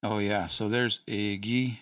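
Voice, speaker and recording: A man's voice: lowish voice, flat delivery, unhurried, fairly bright tone, no room sound, clean studio sound, far from the mic. A man hosting a casual study session, thinking aloud with hesitant restarts and small chuckles. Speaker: host studying a language.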